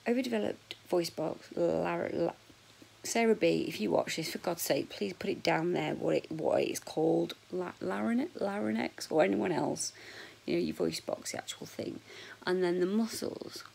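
A woman in her forties talks straight to camera in a relaxed, frank vlog chat, joking and swearing freely. Her voice is husky and sits a little low, with a gravelly crackle. She now and then slips into a breathy whisper. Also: moderate pace. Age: 40s. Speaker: vlogger.

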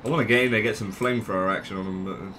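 A young man giving casual gameplay commentary, unhurried, swearing and laughing at his own plays. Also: lowish voice, fairly even intonation, sharp tone, a little hiss or hum. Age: young adult. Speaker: gaming channel host.

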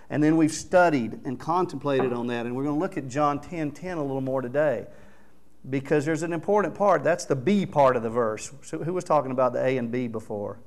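A man preaching a sermon as pastor, earnest and exhorting, reading scripture aloud with rising emphasis. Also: mid-range voice.

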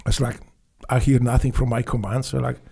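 A middle-aged man from Poland with a Polish accent, a podcast guest telling stories casually, animated and swearing freely. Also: medium pitch, brisk, gravelly, a little hiss or hum. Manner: animated, swears freely, acts out dialogue, laughs often. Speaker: podcast guest, former Navy SEAL. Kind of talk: storytelling in a casual interview.

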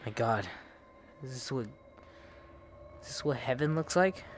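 Excitable young-sounding man gaming. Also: medium pitch, a little slow. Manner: excitable, yelps and laughs at scares. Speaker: gamer. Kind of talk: let's play commentary. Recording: game sounds and noise behind.

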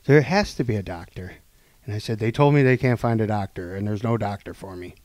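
A man on a podcast telling a long story casually, acting out the people in it and swinging between loud and hushed delivery. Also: fairly low pitch, fairly quick, no echo. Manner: animated, acts out quoted dialogue, swings between loud and hushed. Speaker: podcast co-host.

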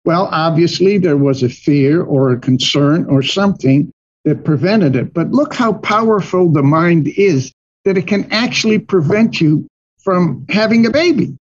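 A man's voice: high voice, unhurried, breathy edge, highs cut off. An older man, a guest in an interview, telling personal stories vividly and acting out his own past dialogue. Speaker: guest, money manager. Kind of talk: storytelling in an interview.

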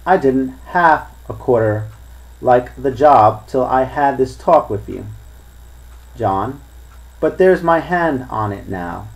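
An earnest young sailor gives his word, spoken by a man reading the story aloud. He sounds sincere and plain, and his pitch is ordinary. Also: lively intonation, slow, vocal fry, low-quality recording. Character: young male sailor, newly won over.

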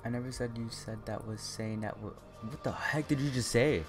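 Rambling young man gaming on stream. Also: lowish voice. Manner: rambling, excitable, quick to tease. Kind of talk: casual chat while gaming. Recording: stream with music playing under the voice. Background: game music and keyboard typing.

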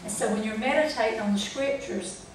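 A woman's voice: fairly high pitch, a little fast, slight background noise. A woman teaching a Bible study group in a folksy way, checking in with them as she goes. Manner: folksy, asks the group questions. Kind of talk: church training talk. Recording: echoey room from far off.

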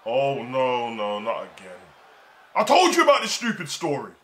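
A young man hosting a wrestling reaction, talking casually and shouting with delight. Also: mid-range voice, wildly swooping pitch, moderate pace. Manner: exclamatory, fan-like, shouts in delight. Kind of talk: excited reaction commentary.

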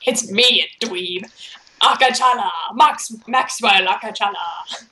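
A woman's voice: mid-range voice, measured pace, bright, forceful tone, reverberant, a little hiss or hum. Woman doing a taunting ghost villain. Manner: taunting, name-calling. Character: sneering male ghost villain. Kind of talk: amateur fanfic read-aloud.

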